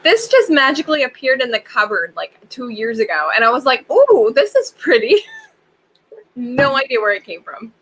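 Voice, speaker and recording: A woman co-hosting a casual livestream chat over a video call, animated and laughing often. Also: fairly high pitch, normal speed, poor audio. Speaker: livestream co-host.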